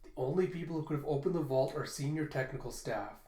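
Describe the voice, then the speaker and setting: A man voicing a stern young man who presses his sister, insistent and forceful. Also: a little high, quick pace, lightly acted. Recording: roomy echo.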